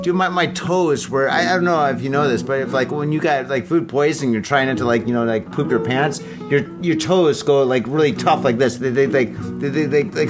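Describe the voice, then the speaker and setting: A man hosting a podcast, chatting casually, joking and swearing freely as he tells stories. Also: mid-range voice. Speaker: podcast host. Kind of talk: casual interview chat. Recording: clear guitar music behind.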